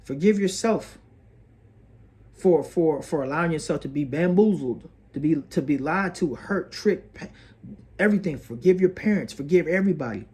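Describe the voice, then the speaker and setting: A man's voice: on the high side, expressive, moderate pace, darkish tone. A man hosting an astrology video, earnest and preachy, repeating phrases and calling the listener bro and sis. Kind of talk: motivational astrology monologue.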